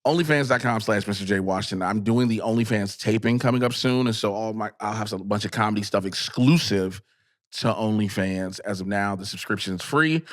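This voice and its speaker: A man's voice: lowish voice, a little fast, no room sound, studio quality. A man guesting on a podcast, chatting casually in a candid, emphatic way and repeating phrases for effect.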